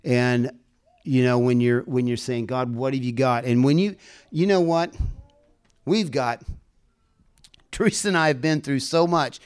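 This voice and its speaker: Speaking at a medium pitch with fairly even intonation, this man is unhurried and smooth, pausing often. He preaches a conversational sermon through earnest, folksy personal stories that rise into fervent exhortation.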